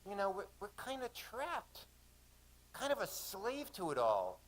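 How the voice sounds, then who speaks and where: A man's voice: sits high, wildly swooping pitch, a little slow, voice pushed up, full character voice, low-quality recording. A man putting on a tired young Australian woman. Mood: weary, resigned. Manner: resigned, tired. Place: live reading in a cafe.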